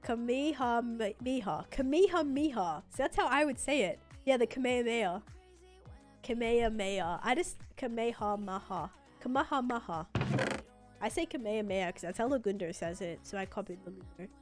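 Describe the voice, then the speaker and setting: A young woman streams a game live, chatting casually in a fast, medium-pitched voice with few pauses. She giggles often and uses lots of fillers, with soft music playing in the background.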